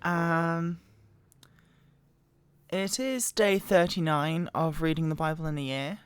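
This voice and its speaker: Woman, hoarse with a cold, halting and quiet, smooth tone under the strain. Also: steady tone, dry recording. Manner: quiet, halting, voice wobbling in pitch. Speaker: Bible reader. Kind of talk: slow scripture reading. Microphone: very close to the microphone.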